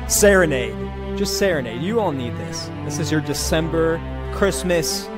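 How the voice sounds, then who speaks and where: A man's voice: a little high, expressive, unhurried, loud music behind the voice. A man hosting his own podcast, talking in a loose, hyped, profane way. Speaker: podcast host. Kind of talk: casual chat.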